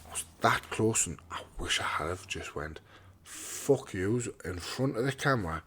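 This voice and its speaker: A young man with a fairly low voice speaks as an interview guest, a pro boxer telling his own story. He is blunt and swears freely, tripping over and repeating words and acting out the lines of the people around him. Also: animated, fairly quick, sharp tone, slight background noise.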